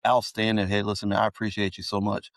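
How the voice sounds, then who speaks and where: A middle-aged male podcast host in casual chat, effusive and halting with many restarts. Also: on the low side, monotone, no echo. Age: middle-aged or older.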